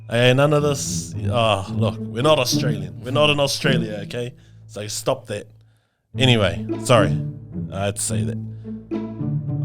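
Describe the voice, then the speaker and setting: A man's voice: mid-range voice, a little slow, pauses often, music in the background. A man with a New Zealand accent co-hosting a comedic podcast, brash and laddish, tossing "mate" into nearly every phrase. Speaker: podcast co-host.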